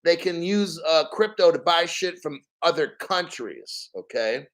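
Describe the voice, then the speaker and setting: A man's voice: a little high, animated, a little slow, a bit bright. A man hosting a casual crypto livestream, talking in a profane, emphatic rant full of rhetorical questions. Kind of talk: casual live-stream rant.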